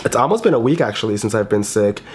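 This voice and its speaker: A man's voice: on the low side, lively intonation, fast, darkish tone. A man in his twenties, sick with a congested cold, chatting animatedly at home in a casual vlog and swearing freely. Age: 20s. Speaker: YouTuber.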